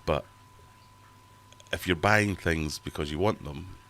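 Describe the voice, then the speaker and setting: A middle-aged man with a very low voice hosts a livestream from his fish room at home. He reads out viewer comments and rambles on in a chatty, self-mocking way. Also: slow, a bit bright, a little hiss or hum. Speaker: livestream host. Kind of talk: casual livestream chat reading viewer comments.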